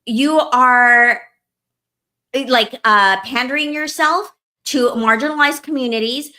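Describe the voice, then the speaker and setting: A woman's voice: high-pitched, normal speed, sharp tone. A woman co-hosting a podcast, ranting in casual chat, heated and profane, full of filler words. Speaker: podcast co-host.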